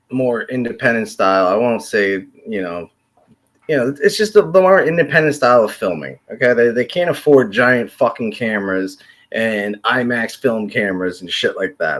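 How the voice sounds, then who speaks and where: A man's voice: medium pitch, fairly bright tone. A man hosting his own video channel, chatting casually and rambling, with many fillers and the odd curse word. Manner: rambling, lots of fillers and swearing. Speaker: YouTube commentary host. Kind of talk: casual vlog chat.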